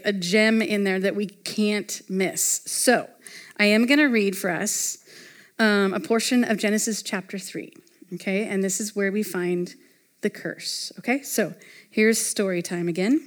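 A woman's voice: mid-range voice, a little slow. A woman speaking to a live audience at a retreat, teaching in a casual, conversational way with many fillers and reading scripture aloud.

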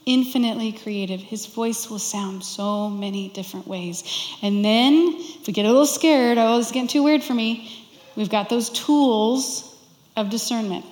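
A woman pastor giving a sermon, conversational and expressive, with playful asides. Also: a little high. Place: church sanctuary. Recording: echoey church hall.

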